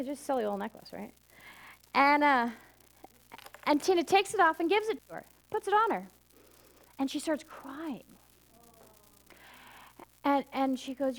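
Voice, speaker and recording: A middle-aged woman minister giving a conversational sermon, moving from emphatic high points to soft, intimate asides. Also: animated, a little slow. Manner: conversational storytelling, swinging from emphatic highs to soft intimate lows.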